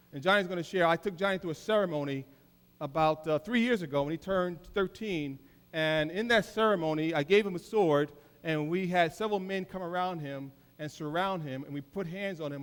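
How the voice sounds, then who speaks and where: A middle-aged man preaching a keynote sermon, emphatic, swinging between loud declarations and soft asides. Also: fairly high pitch, smooth. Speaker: keynote speaker. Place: large hall. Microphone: handheld mic. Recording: live in a reverberant hall.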